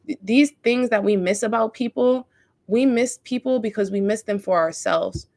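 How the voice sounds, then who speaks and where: Woman spiritual talker, gravelly texture, earnest rambling delivery with fillers. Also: a little high, moderate pace, a little mellow. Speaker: spiritual content creator. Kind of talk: casual spiritual talk.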